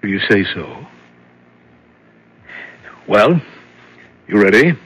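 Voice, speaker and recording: A breezy, husky prison guard. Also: male voice, on the low side, expressive, fairly bright tone, exaggerated voice, rough recording. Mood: offhand. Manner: brisk, offhand. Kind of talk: 1970s radio drama acting.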